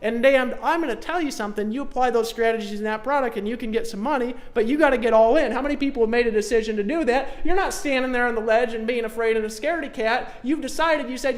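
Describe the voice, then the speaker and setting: A man hosting a live stream and delivering an emphatic, repetitive sales pitch in a folksy, plain-spoken way. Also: quick pace, few pauses. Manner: emphatic, repetitive, folksy, pushes the audience to commit. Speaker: online marketing trainer hosting a live stream.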